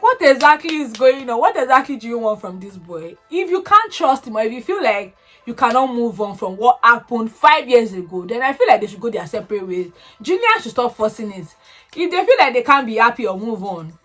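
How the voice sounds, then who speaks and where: A young woman chatting casually, recapping a reality show with animated, expressive swings into high excited tones. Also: a little fast.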